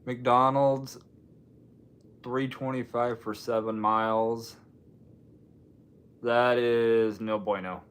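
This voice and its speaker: A man's voice: mid-range voice, fairly even intonation, drawn-out words, pauses often, a bit bright, smooth. A man from Washington State hosting a casual live stream, rambling and joking while answering viewer comments. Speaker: livestream host.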